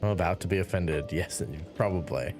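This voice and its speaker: A man's voice: sits low, normal speed, over music. A man streaming a building game, rambling casually and reading viewer chat aloud between giggles.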